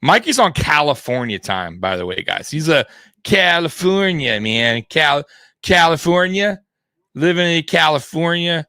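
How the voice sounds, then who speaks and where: A man's voice: fairly high pitch, big pitch swings, unhurried, sharp tone, no echo. A middle-aged man from South Florida co-hosting a live sports show in casual, rambling chat with lots of restarts and laughs. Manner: rambling, laughs often, frequent restarts and fillers. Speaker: sports podcast co-host.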